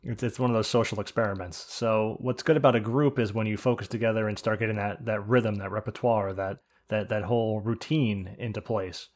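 Animated man telling game stories. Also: fairly low pitch, a little fast, hardly any pauses. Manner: animated storytelling, acting out other players. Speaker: group leader discussing a game. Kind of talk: casual podcast chat.

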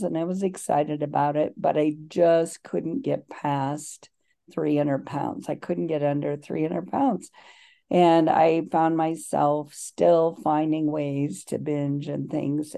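A woman giving a personal recovery share at a twelve-step meeting, halting and full of ums and restarts, heard over a video call. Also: deep voice, gravelly, mellow.

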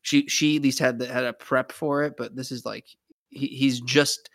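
A man's voice: medium pitch, fairly even intonation, fairly bright tone, dry recording. Male podcast co-host, dry close voice, stop-start analysis. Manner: halting, many "like"s and restarts, laughs easily. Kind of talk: casual TV recap chat.

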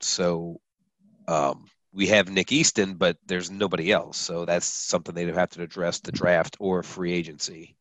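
A man's voice: low-pitched, flat delivery, moderate pace, a bit bright, no echo. A man talking casually on a sports podcast, hesitant and full of restarts.

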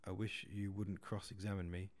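Stiff, evasive young man, low dark voice, read by a male narrator. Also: flat delivery, moderate pace. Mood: sullen. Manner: stiff, sullen replies.

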